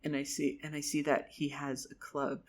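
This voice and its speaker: A man's voice: on the high side, monotone, normal speed, husky. A man telling a rambling improvised fantasy story, repeating his words and swearing casually. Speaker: vlogger.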